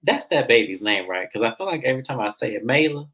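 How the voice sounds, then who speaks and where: Animated low-voiced woman recapping reality TV. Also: quick pace, poor audio. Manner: animated, swears freely, acts out quotes in high voices. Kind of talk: casual recap chat.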